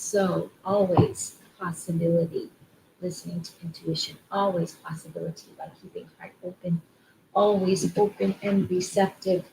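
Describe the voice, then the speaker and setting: A woman's voice: mid-range voice, poor audio. Woman musing about affirmations, faint hiss. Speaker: spiritual vlogger and card reader. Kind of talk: casual spiritual talk to camera.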